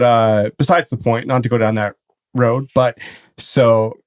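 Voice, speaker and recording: A man, host of a casual podcast, telling a rambling, profane story. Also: on the low side. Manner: rambling, profane storytelling, often breaking into laughter.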